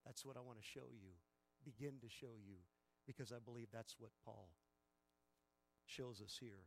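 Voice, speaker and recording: A man preaching a sermon as a pastor, emphatic, swinging from quiet passages to loud, stressed bursts. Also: medium pitch, moderate pace, gravelly.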